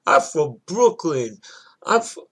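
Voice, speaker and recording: A man's voice: lively intonation, normal speed, heavily acted. A man voicing a drunk young woman screaming in a street fight. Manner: shrill, yelling, belligerent.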